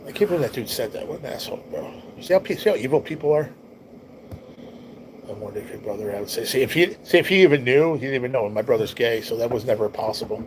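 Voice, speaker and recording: A man's voice: mid-range voice, animated, fast, background noise. A man hosting a livestream, telling a personal story in a rambling, heartfelt way and swearing often. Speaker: livestream host. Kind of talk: casual storytelling to a live chat.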